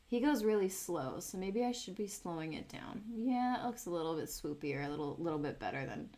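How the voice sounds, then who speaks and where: A woman's voice: on the low side, animated, brisk, mellow. A woman in her late twenties chatting casually and rambling as she draws on a live stream, swearing freely. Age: late 20s. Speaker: art streamer. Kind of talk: casual chat while drawing.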